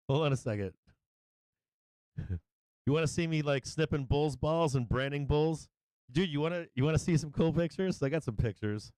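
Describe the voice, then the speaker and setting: A man's voice: medium pitch, a little mellow, smooth, no echo. A man hosting a livestream, telling rambling stories in casual chat, swearing and laughing often. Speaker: livestream host.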